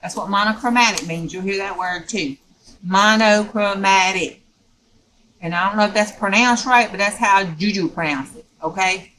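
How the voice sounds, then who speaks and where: A woman's voice: mid-range voice, a little fast, few pauses, sharp tone, rough recording. A woman teaching a step-by-step craft tutorial in a folksy, chatty way, often checking in with "okay?".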